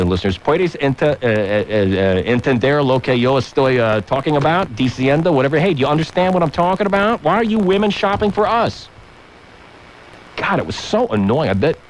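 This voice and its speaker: Ranting talk radio host, lively pitch. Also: male voice, slight background noise, rough recording. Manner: ranting, with shouted mock outbursts. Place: radio studio. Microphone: studio microphone.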